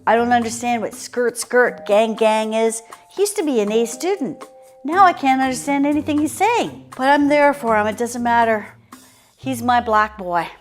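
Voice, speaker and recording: A woman's voice: fairly high pitch, normal speed, soft background music, natural voice. A woman voicing a doting suburban mother who fusses and frets over her son. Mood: bewildered. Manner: fussing, gentle, bewildered. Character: doting middle-aged suburban mom.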